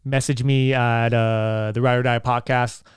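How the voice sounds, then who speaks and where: A man's voice: medium pitch, level tone, measured pace, clean tone, no room sound, studio quality. A man hosting his own podcast, talking in a casual, earnest and rambling way. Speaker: podcast host.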